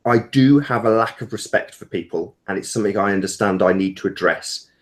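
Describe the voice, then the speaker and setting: A man's voice: lowish voice, a little fast. A man talking bluntly on an online group call, then owning his faults in an apologetic tone. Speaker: guest video maker.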